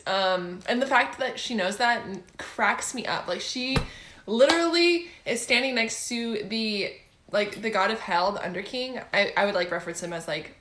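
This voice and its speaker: A young adult woman chatting casually about books she has read, gushing and excitable and often laughing. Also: mid-range voice, roomy sound. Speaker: book vlogger. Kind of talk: casual book review chat.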